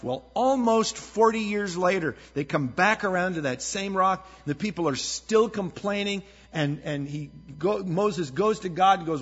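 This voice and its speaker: Husky-voiced man preaching a sermon. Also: high-pitched, normal speed. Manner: conversational, earnest preaching with lively storytelling. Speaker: pastor. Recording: dull lo-fi sound with long hall reverb.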